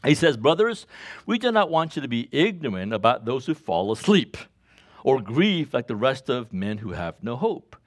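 A man preaching a sermon, reading scripture and asking the congregation to finish his lines, chuckling often. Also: moderate pace. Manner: call-and-response questions to congregation, chuckles often; reads scripture aloud, rises in pitch when animated. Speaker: pastor.

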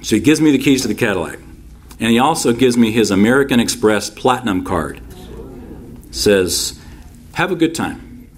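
Guy preaching a sermon, average pitch, hammers points by repeating them, drifts into chatty stories. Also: expressive, normal speed, slight background noise. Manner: emphatic, repeats key phrases; folksy storytelling with asides. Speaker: pastor.

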